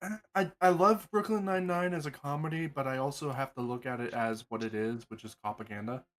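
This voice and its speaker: A man chatting casually with friends as a game player, getting animated and swearing when riled up. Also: mid-range voice, fairly quick. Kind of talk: casual group chat.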